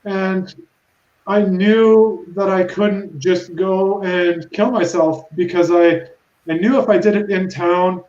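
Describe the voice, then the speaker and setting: A woman in her thirties gives personal testimony over a video call, halting and emotional and restarting her sentences often. The room sounds echoey and the audio is dull and muffled. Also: mid-range voice, steady tone, dark tone. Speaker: panelist.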